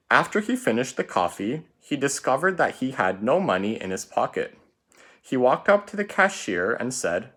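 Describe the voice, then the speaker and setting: Lively man teaching a writing lesson. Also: medium pitch, breathy edge. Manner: patient, step-by-step explaining with frequent "right?". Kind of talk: recorded writing lesson for students.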